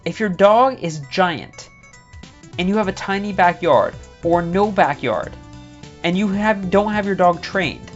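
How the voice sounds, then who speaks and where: A male streamer playing a visual novel jokes and chats casually, rambling into comic rants during live-stream banter. His voice is high-pitched, expressive and unhurried, and the lo-fi stream audio is slightly dull with faint music.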